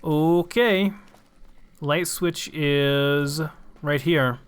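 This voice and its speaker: A man's voice: fairly high pitch, extremely slow, clear, resonant tone. A young man casually commenting on his game, musing aloud and swearing now and then. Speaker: gamer.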